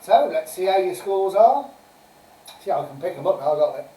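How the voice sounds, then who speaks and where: A woman's voice: lowish voice, lively intonation, normal speed, warm tone. A woman hosting a casual live-stream quiz, chatty and giggly as she reads out answers and scores. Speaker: quiz host. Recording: roomy sound from a distant mic.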